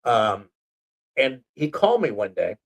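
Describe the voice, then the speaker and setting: A man's voice: medium pitch, sing-song, a little slow, poor audio. A man hosting his own talk show, in a rambling, joking monologue full of asides. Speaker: host. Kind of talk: casual comedic monologue.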